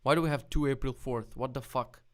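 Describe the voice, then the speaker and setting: A man's voice: mid-range voice, fairly even intonation, a little fast, a bit bright. A man casually live-streaming as he reviews web projects, blunt and mocking, swearing freely. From lives in Poland.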